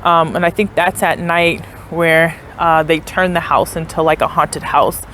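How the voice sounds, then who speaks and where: Her low-pitched, fairly bright voice is unhurried and fairly even in intonation, with a little hiss or hum behind it. She's a young vlogger chatting casually to viewers while touring a historic house, outdoors and in the tourist building, with many "like" fillers and unsure asides.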